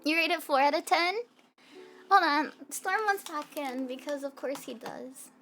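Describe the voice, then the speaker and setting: A young American woman with a Southern accent, a VTuber streamer, rambles and giggles while chatting with viewers at the end of a stream. Her voice is high-pitched, bright, and pushed, coming a little slow. She's in a hot room at home, with faint music playing in the background.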